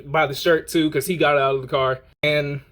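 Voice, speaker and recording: A young man telling a story in a casual, animated way, rambling with lots of fillers. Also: on the high side, normal speed. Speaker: vlogger.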